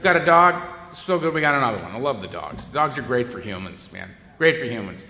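A man's voice: medium pitch, animated, fairly quick, bright, forceful tone. A man telling a humorous personal recovery story to an audience in a wry, self-mocking, conversational way. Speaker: speaker sharing his recovery story. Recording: echoey hall reverb.

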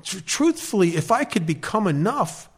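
American man, fairly high voice, wry and self-mocking; telling his recovery story to a meeting. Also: very animated, normal speed, slightly rough. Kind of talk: personal recovery talk.

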